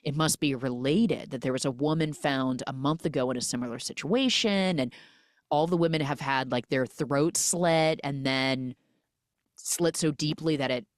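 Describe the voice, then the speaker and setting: A woman hosts a podcast and talks in a low voice, recapping a film in casual, animated chat. She switches into quick little voices for the people she quotes. The sound is dry and close. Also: no echo. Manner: animated storytelling, acts out quoted lines. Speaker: podcast host.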